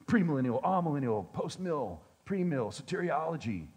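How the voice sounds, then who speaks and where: A man's voice: on the high side, sing-song, moderate pace, darkish tone, slightly rough. A male pastor preaching a sermon in a conversational way, with joking asides to his congregation.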